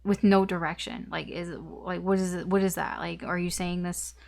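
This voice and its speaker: A woman's voice: on the low side, fairly even intonation, normal speed, vocal fry, a little mellow. A woman giving a casual tarot reading, talking in a rambling, chatty way full of fillers and the odd swear word. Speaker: tarot reader.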